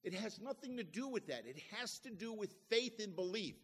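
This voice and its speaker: Pastor, male, higher pitch, homely chatty preaching, recorded in a church with a long echo. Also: very animated, normal speed, a bit bright, husky. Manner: folksy, conversational preaching with homely asides. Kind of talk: sermon.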